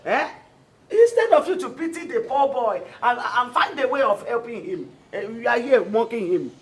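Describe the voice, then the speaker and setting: A woman's voice: on the high side, expressive, normal speed, husky. An actress playing a worried, reproachful middle-aged Nigerian mother. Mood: indignant. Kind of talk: Nollywood film acting.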